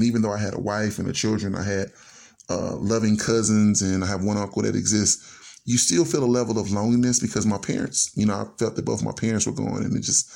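A guest storyteller on a radio show relates his family story earnestly and from the heart, joining his thoughts with "and so" as he goes. His lowish voice is mellow, with vocal fry.

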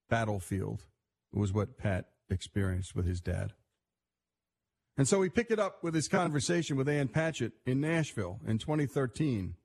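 A man's voice: lowish voice, darkish tone. A man hosting a radio storytelling show, introducing a segment in a reflective, conversational way.

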